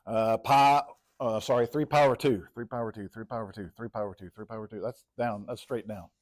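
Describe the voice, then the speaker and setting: A man's voice: on the low side, steady tone, a little fast. Man teaching a math class. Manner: talking while plotting on the board, quizzing students by name. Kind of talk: classroom lecture.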